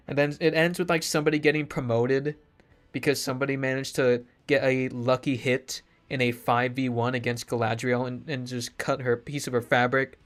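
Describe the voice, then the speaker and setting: A man ranting casually to his stream chat, sarcastic, swearing freely, laughing often. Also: medium pitch.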